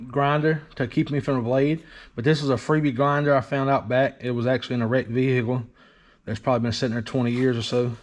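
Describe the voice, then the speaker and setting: A man casually narrating his work in a workshop garage, rambling and self-deprecating. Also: medium pitch. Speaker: DIY truck builder. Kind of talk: casual shop vlog narration.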